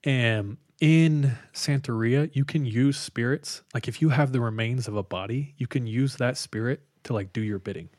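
A man co-hosting a podcast, casually retelling a spooky story with lots of fillers and a hushed tone for the eerie parts. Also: medium pitch, normal speed, hardly any pauses, no echo, clean studio sound. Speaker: podcast co-host telling a story.

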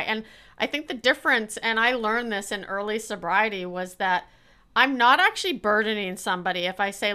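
A woman with a bright, sharp and smooth, resonant voice, pitched a little high, hosting a relaxed interview. She coaches clients and talks in an animated way, slipping into the voices of the people she quotes. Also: moderate pace. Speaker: podcast host and coach. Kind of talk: casual interview chat.

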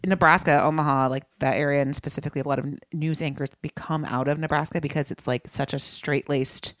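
A woman's voice: deep voice, fairly even intonation, fast, dry recording, studio quality. A woman co-hosting a podcast, chatting casually with many fillers and frequent laughter. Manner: rambling, filler-heavy, laughs a lot. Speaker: podcast co-host. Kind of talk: casual chat.

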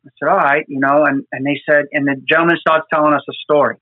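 His voice is a little high, delivered flatly and quickly, with no echo. As a New York fire department team disaster responder, he tells field stories conversationally, earnest and emotional, frequently repeating words, over a tinny phone-like line.

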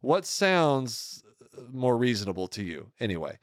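A man's voice: medium pitch, big pitch swings, measured pace, no room sound, studio quality. A man in his thirties co-hosting a podcast, reading the outro in a joking, casual way with many restarts. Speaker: podcast co-host.

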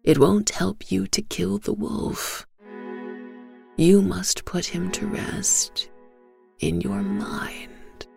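An ancient oak spirit speaks in a croaking, whispered role-play, voiced by a woman storyteller. The words come slow and cryptic, low and gravelly under the breath. Soft violin music drifts faintly behind. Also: very animated, exaggerated voice. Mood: hushed, cryptic.

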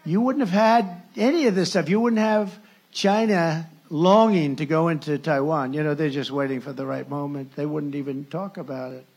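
A man with a husky, gravelly voice holds forth at a campaign rally. He rambles and jokes sarcastically, breaking off mid-thought and circling back, in a somewhat high register for a man. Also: steady tone, moderate pace, a little mellow. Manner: rambling, sarcastic, with self-interruptions. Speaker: presidential candidate.

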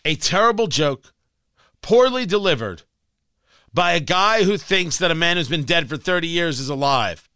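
A man's voice: fairly high pitch, expressive, moderate pace, sharp tone, clean tone, dry recording. A man hosting a political talk show, ranting in a combative, scornful opinion monologue.

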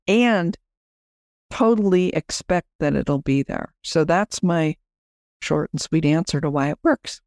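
A woman's voice: deep voice, a little slow, darkish tone, dry recording, clean studio sound. A woman podcast host and business coach, chatting as she explains her program and guides listeners through an exercise.

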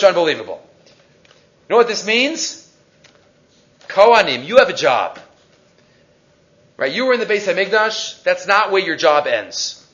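Male Torah teacher, high and animated, keeps asking the class questions. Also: muffled recording. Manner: animated, rhetorical questions, Hebrew terms.

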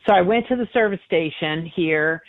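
A middle-aged woman who works as a psychic medium tells stories in a conversational interview, animatedly acting out the dialogue. Her voice is lowish and her pace moderate, heard over a dry, tinny, phone-like line with no room sound.

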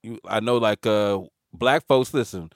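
A man's voice: lowish voice, measured pace, vocal fry, no room sound, studio quality. A man hosting a podcast, chatting loosely and casually as he asks a guest questions. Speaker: podcast host. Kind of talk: casual interview chat.

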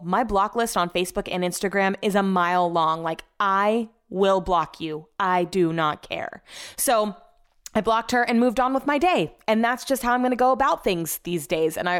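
Chatty woman with a low voice. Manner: chatty and candid, with casual swearing. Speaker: podcast host. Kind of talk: casual solo podcast chat.

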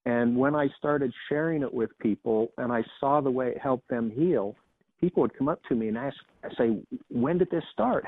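A man, a former emergency doctor, telling his experiences as a guest in a measured, reflective way with some restarts. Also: mid-range voice, no echo. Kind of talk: interview, personal storytelling. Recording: dry tinny phone-like line.

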